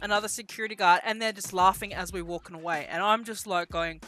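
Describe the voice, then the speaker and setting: Bright-voiced woman telling a story. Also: medium pitch, quick pace, soft background music. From Australia. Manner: animated, swears casually, self-mocking. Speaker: vlogger. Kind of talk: casual storytelling.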